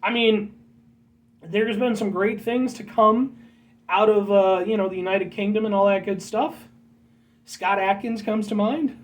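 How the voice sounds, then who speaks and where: A man's voice: high voice, fairly even intonation, a little slow, recorded from a distance, poor audio. An American man hosting a casual vlog, rambling and joking as he talks to his viewers as folks. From United States. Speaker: vlog host.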